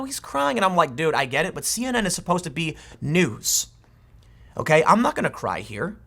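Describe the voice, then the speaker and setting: A man delivers an opinionated commentary monologue off the cuff. His voice is bright and forceful and sits somewhat high for a man. He drifts into mocking asides as he talks. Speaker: political commentator.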